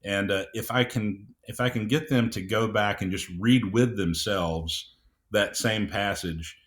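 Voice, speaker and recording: Middle-aged guy, real low voice, easygoing guest chat, lots of uh's and restarts. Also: fairly bright tone. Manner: measured, unhurried, frequent uh and restarts. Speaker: audiobook producer, guest. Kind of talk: casual interview chat.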